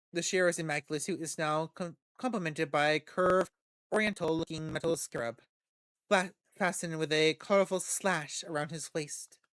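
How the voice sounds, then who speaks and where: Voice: mid-range voice, fairly bright tone, no echo, poor audio. A game streamer reading a visual novel aloud, who often stumbles, repeats words, and drops in chatty asides.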